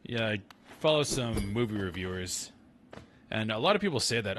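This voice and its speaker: Low-voiced guy streaming a game, muttering along, noisy mic with clicks. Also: expressive, normal speed, a bit bright. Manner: chatty, muttering to himself while playing. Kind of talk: casual gameplay commentary.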